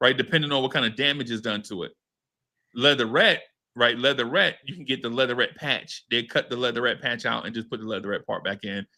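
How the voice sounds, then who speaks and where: A man with a mid-range voice talks fairly quickly while hosting a podcast. He narrates a story in casual slang, swearing with animated energy and playing out the quotes.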